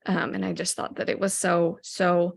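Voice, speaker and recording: Upbeat woman with a flat, gravelly voice. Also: fairly low pitch, moderate pace. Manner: enthusiastic, many ums, rambling restarts. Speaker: team leader recapping a company event. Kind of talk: casual motivational recap.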